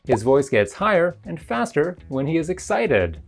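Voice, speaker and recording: A teacher talks through a pronunciation lesson in a scripted, explanatory narration. The pitch moves a lot from phrase to phrase while the delivery stays measured and even. Faint music plays underneath. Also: creaky. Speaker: English teacher.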